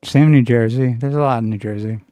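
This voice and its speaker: A man's voice: medium pitch, fairly quick, dark tone, no echo. A man guesting on a casual stream chat, dropping short teasing quips.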